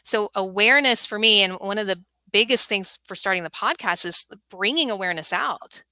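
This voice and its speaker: A middle-aged woman who hosts a podcast and runs workshops for moms, speaking as a guest in an earnest, animated way. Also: mid-range voice, a little fast, dry recording. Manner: earnest, animated storytelling with acted quotes. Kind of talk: guest on a talk show.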